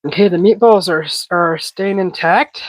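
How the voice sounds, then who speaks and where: A woman's voice: lowish voice, moderate pace, dry recording, poor audio. Sniffly woman chatting while cooking. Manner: chatty, reads viewer comments aloud while cooking. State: sniffly, stuffy head cold. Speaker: cooking livestream host. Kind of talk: casual live cooking chat.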